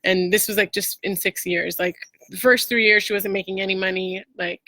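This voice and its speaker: A woman's voice: mid-range voice, fairly even intonation, brisk, pushed and bright, no room sound. A woman hosting a casual motivational talk, chatty and full of fillers and restarts. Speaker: host.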